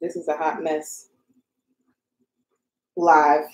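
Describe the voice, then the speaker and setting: A woman's voice: low-pitched, little pitch movement, extremely slow, darkish tone. A young woman hosting a casual live stream, flustered and joking at her own expense as she crafts and talks to viewers in her home craft room. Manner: joking, self-mocking. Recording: roomy echo.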